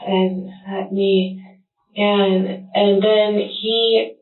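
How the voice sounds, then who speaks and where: Slow, halting woman on tinny interrogation audio. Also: mid-range voice, flat delivery. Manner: halting and rambling, full of fillers and restarts. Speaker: witness in a police interrogation. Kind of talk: recorded interrogation testimony. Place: police interview room. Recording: tinny, echoey interrogation room audio from a distance.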